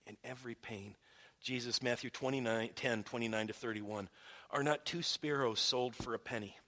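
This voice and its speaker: Man preaching, hushed to emphatic. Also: mid-range voice. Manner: shifts between hushed and emphatic, with restarts. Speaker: pastor. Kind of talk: sermon.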